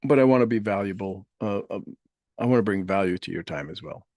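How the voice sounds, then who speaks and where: A man leading a guided meditation, speaking affirmations slowly and gently, repeating each phrase with soft trailing endings. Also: on the low side, no echo, clean studio sound. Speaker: meditation leader.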